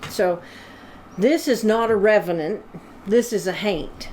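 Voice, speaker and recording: A woman's voice: mid-range voice, measured pace, a little mellow, a little hiss or hum, poor audio. A woman co-hosting a casual chat, explaining things in a knowledgeable way with frequent ums. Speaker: absinthe expert co-host.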